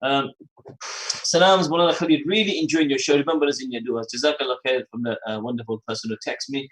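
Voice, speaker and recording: A man's voice: mid-range voice, steady tone, fast talker, fairly bright tone, rough recording. Man hosting religious radio talk. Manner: repeats phrases for emphasis, mixes in Arabic and Urdu terms. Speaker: radio host.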